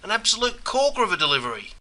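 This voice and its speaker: Male actor as easygoing Australian larrikin, Australian accent, broad drawl, animated. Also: sits high, racing, heavily acted, poor audio. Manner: broad slangy ocker drawl. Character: laid-back Aussie bloke watching cricket. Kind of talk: scripted comedy sketch.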